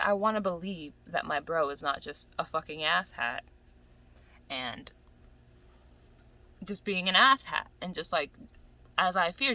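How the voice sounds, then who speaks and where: A woman's voice: lowish voice, poor audio. A woman giving a casual, profane, exasperated rant about an anime she is watching. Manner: animated, profane, exasperated ranting. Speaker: anime commentator. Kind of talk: casual ranting commentary.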